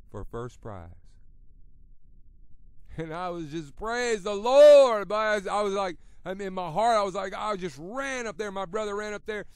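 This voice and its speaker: High-voiced man preaching, dry sound. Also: dry recording. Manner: conversational preaching that builds to loud emphatic passages. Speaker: radio preacher. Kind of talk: sermon.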